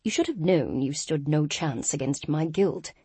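A woman narrator voicing an arrogant male guild boss who speaks with a crisp English accent and a quiet, menacing sneer. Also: low-pitched, lively intonation, a little slow, dry recording, heavily acted.

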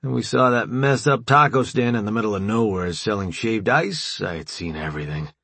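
A man voicing a large male marine who grumbles and protests in a low voice, in an audiobook reading. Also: expressive, fairly quick, creaky, fairly bright tone, breathy edge, no room sound, full character voice. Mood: dry.

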